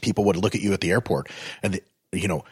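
On a casual podcast, a male guest with a husky, slightly low voice talks fast, recorded close and dry. He is blunt, swears freely, and explains things animatedly, his pitch leaping high when he gets fired up.

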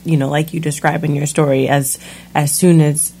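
A woman hosting an interview, affirming her guest in a measured way. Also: low voice, flat delivery, mellow, husky. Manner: affirming, measured, frequent ums. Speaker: podcast host. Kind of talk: conversational interview.

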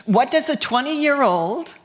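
A woman's voice: sits high, animated, measured pace. Bawdy, laughing woman storyteller. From United States. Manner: bawdy, candid and laughing, with swearing. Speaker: storyteller on stage. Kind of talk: live storytelling performance.

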